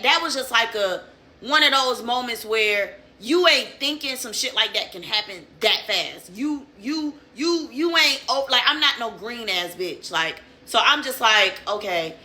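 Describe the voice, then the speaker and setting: A woman's voice: mid-range voice, animated, moderate pace, bright, forceful tone. A young woman telling a story in casual, profane, streetwise slang.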